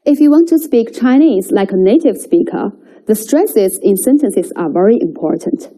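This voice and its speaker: A woman teaching a Chinese language lesson, explaining in a measured way and slowly and carefully reading out example words for students to repeat. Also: medium pitch, animated, mellow, low-quality recording. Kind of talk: language lesson with read-aloud drills.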